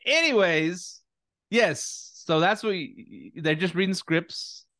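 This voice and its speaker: A man's voice: sits high, lively intonation, takes it slowly, bright, forceful tone, no room sound. Blunt rambling man in a dry room. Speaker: podcast host. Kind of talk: casual chat.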